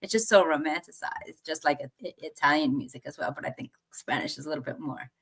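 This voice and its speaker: A woman from Colombia, raised in the United States, talks as an interview guest in a fairly low voice. She tells her stories with animated jumps in pitch and easy laughter. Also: fast, breathy edge. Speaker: guest, motivational speaker. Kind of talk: casual interview chat.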